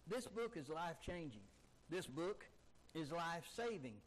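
A man's voice: fairly high pitch, sing-song, measured pace, rough recording. A man preaching a sermon emphatically, driving his points home with repeated rhetorical questions. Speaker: pastor.

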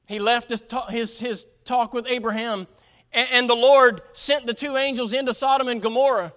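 A man's voice: extremely high pitch, moderate pace, fairly bright tone. A male preacher delivering a sermon, dramatically acting out the lines of Bible characters.

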